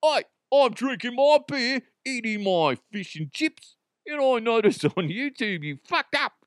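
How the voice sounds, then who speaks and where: A rude middle-aged Brit with a bad put-on British accent, jeering high and loud, as a podcast host puts him on. The voice leaps around with scornful lilts, and the sound stays close and dry. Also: male voice, big pitch swings, measured pace, no room sound, heavily acted. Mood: mocking.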